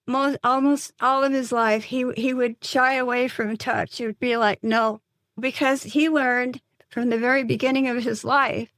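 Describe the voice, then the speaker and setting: An older woman speaks in a slightly high voice, earnest and halting, often restarting her sentences as she recounts a painful story. The recording is dry and close, with no room sound around her. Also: a bit bright, no echo. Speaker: guest, psychotherapist and mother. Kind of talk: emotional personal storytelling in an interview.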